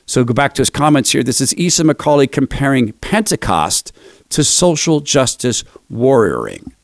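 A man's voice: medium pitch, very animated, normal speed, no room sound, studio quality. An older man hosting a commentary show, telling a self-deprecating story between clips.

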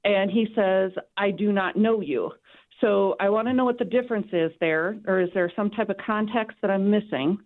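A woman's voice: medium pitch, a little fast, hardly any pauses. A woman from the northern US calling in to a radio show, hesitant and giggly. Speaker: caller. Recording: tinny phone line.

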